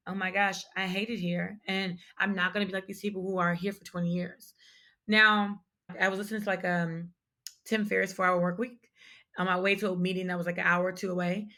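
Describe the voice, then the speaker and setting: A woman's voice: medium pitch, bright, forceful tone. Young woman, chatty interview guest, open and unguarded. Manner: candid, chatty, frequent fillers. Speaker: guest founder. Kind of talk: casual interview storytelling.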